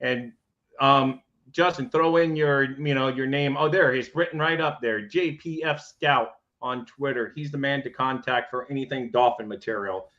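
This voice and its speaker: A male podcast co-host in loose, rambling sports chat. His mid-pitched voice comes through dull and lo-fi. He talks in easy runs with plenty of fillers. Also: normal speed, a bit bright.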